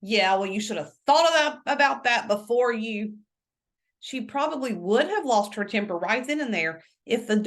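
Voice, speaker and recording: Woman narrator, book read-aloud, animated lively pitch. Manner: expressive storytelling. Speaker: book reader. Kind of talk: reading a novel aloud.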